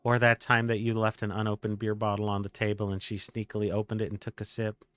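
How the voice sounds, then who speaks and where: A man's voice: fairly low pitch, monotone, quick pace, a bit bright, clean tone, no echo, soft background music, lightly acted. A man reading the lines of a fond young woman friend in a game, in an amused, reminiscing way. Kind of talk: game dialogue read aloud by a streamer.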